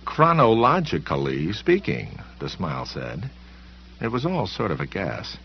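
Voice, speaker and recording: A man reading a novel aloud as a narrator, in a measured, expressive way. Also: sits low, creaky, a little hiss or hum. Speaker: audiobook narrator. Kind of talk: scripted narration. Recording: dull lo-fi recording.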